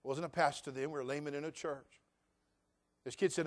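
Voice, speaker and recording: A middle-aged male pastor delivers a sermon in a fairly high, steady, brisk voice. He sinks into a hushed storytelling tone, then builds to loud, rising declarations while quoting scripture in archaic language.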